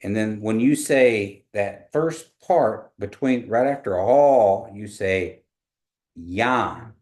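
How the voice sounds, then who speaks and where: A man from Oklahoma teaching a small language class, patiently explaining pronunciation and repeating phrases slowly. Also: on the low side, darkish tone, rough recording. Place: meeting room with a small class.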